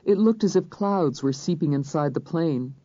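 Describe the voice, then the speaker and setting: An audiobook narrator reading a crime thriller in first person, measured and even. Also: medium pitch, no room sound. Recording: dull, dry studio recording.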